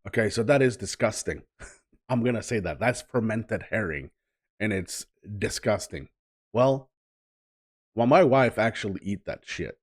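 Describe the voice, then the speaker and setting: A Swedish man with a Swedish accent and a fairly low voice gives casual reaction commentary. He is blunt and halting, with many fillers between his words. He speaks English as a second language. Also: lively intonation. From Sweden. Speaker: reaction channel host.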